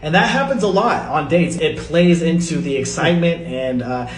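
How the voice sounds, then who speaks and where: A man's voice: a little high, expressive, normal speed. Upbeat man in a roomy video clip. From United States. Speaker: video creator. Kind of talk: scripted dating advice video. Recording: roomy clip with faint noise.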